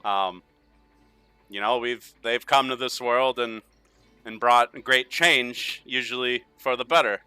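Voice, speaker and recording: A man voicing a weary, practical noblewoman who speaks softly and apologetically. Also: medium pitch, slow, smooth, no room sound, faint music behind. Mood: apologetic.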